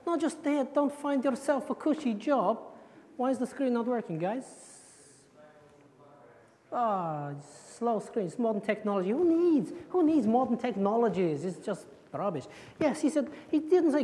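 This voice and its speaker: Brief: woman preacher, playful children's talk, bright-pitched, heard in a reverberant church. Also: big pitch swings, a little slow. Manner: playful, joking, quizzing the audience. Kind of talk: interactive children's sermon. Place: church hall. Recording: echoey church hall.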